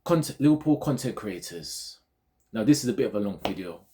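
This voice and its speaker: Low-voiced man ranting casually. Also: fairly quick, noisy background. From Ghana. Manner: animated, digressive, repeats himself. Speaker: football vlogger.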